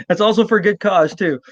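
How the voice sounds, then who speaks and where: A man's voice: sits high, unhurried, no echo, muffled recording. A man hosting a casual interview, joking and stammering over restarts. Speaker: podcast host.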